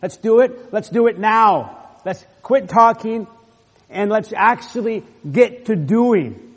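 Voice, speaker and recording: A bold ancient leader, played by a man, urges everyone to stop talking and move now. He is raised and insistent with a high, pushing voice. It rings out with a long reverb in a large hall. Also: expressive, slow, full character voice. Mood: rallying.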